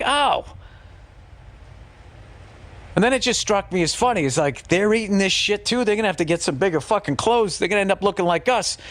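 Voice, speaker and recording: A man, a comedian, telling a rambling, profane story on a podcast with lots of fillers. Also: sits high. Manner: animated, swears a lot, rambles with fillers.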